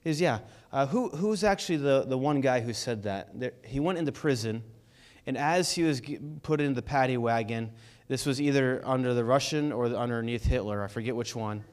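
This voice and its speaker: A man preaching a sermon in a conversational, energetic way, asking the congregation rhetorical questions. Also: medium pitch, brisk. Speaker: pastor.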